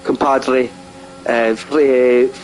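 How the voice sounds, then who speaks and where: A man giving casual live sim racing commentary, excitable and jokey, often laughing at his own crude remarks. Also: medium pitch, extremely slow, poor audio. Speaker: race commentator.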